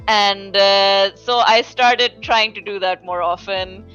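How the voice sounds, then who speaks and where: Bright-voiced woman with a slight accent. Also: medium pitch, fairly even intonation, slow pace, clean tone, muffled recording, faint music behind. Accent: slight foreign accent. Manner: rambling, filler-heavy, frequent "like". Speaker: podcast guest, fighting game commentator. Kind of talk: casual chat.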